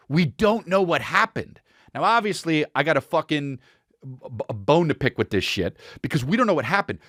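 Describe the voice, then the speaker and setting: A man hosting a podcast, riffing casually and comedically on viral clips in a profane, excitable way, with frequent restarts. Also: medium pitch, dry recording, studio quality. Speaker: podcast host.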